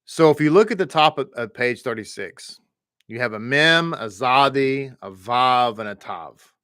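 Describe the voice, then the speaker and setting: A Texan man leads an online reading class, chatty and relaxed, drawing words out and repeating them for his students. His voice is bright and forward, and the sound is very dry and close to the mic. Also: medium pitch, measured pace, smooth, no echo. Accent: Texas. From American South. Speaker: Hebrew reading teacher.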